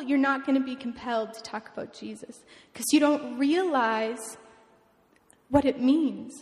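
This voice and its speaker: A woman's voice: sits high, a little mellow. Earnest young woman in a reverberant hall. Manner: emotional, earnest, halting with restarts. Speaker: mission testimony speaker. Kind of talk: personal testimony talk. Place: church event hall.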